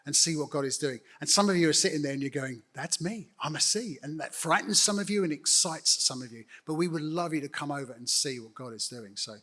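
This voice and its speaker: A man's voice: on the high side, fast talker, few pauses, a bit bright. A middle-aged man, a church network leader speaking earnestly and directly to a congregation in an on-stage interview. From United Kingdom. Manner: earnest, direct, appealing to the audience.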